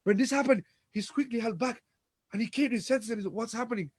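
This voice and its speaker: An Islamic lecturer with an extremely high, slightly rough, somewhat mellow voice speaks fast. He gives a storytelling lecture on religion, acting out dialogue and dramatizing events, with many restarts and repeated words.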